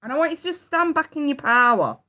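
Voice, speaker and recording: A woman's voice: sits high, sing-song, fast talker, pushed and bright. A woman giving a live tarot reading, blunt and emphatic, swearing freely and repeating her points. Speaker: tarot reader. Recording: dull lo-fi sound.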